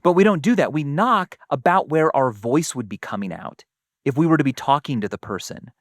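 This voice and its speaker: Male co-host, casual science chat, animated delivery with acted-out quotes, dry room. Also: fairly high pitch, a little fast, dry recording. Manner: animated, acts out little quoted exchanges.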